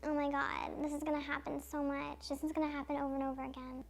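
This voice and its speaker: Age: young adult. Figure: a woman mocking a whiny, jealous young woman. Pitch: high, hushed, slightly off-mic. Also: flat delivery, fast talker, gravelly. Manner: mocking, whiny sing-song. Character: whiny, jealous young woman fretting over her lover.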